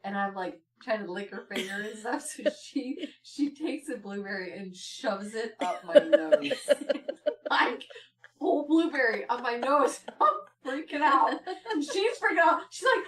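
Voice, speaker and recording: A woman co-hosts a podcast, sharing family stories in casual chat at a measured pace from a distant mic. She laughs through her stories and shifts into shrill, excited quotes.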